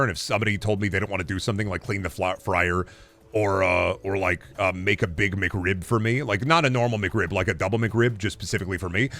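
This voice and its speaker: A man streaming a game, rambling in goofy bits and swearing freely as he plays. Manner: rambling, goofy, swings to loud high bits. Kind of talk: casual gameplay commentary.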